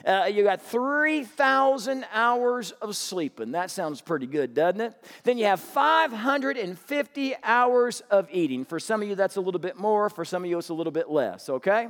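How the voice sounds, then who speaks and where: Pastor, male, high voice, humorous storyteller, reverberant hall. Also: animated, moderate pace, few pauses, fairly bright tone. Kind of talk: sermon.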